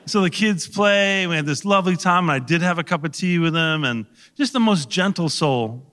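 A man, an actor guest, telling an animated anecdote on a talk show, laughing and swearing now and then. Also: fairly high pitch, moderate pace, smooth, in a large hall.

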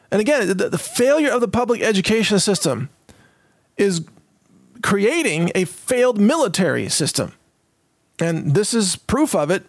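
A man's voice: high-pitched, no echo, studio quality. A man hosting his own channel, giving sarcastic, rambling news commentary with many fillers. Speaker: channel host.

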